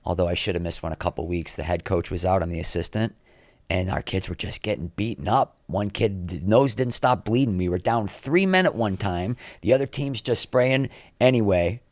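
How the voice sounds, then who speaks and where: A middle-aged actor with a deep voice, speaking at normal speed without echo, appears as a podcast guest. He's animated as he tells candid behind-the-scenes stories, acting out others' quotes.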